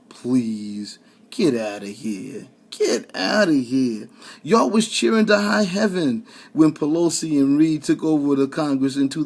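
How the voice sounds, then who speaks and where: A man giving a heated, sarcastic political rant straight to his listeners, often stumbling over repeated words. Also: medium pitch. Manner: addresses listeners directly, colloquial. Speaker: commentator. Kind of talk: ranting political commentary.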